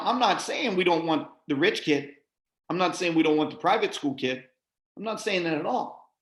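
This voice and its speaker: A man's voice: a little high, fairly bright tone. A middle-aged man giving a folksy, motivational sales-training talk, often checking in with his listeners. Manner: folksy, repeats "right?" often. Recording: echoey room.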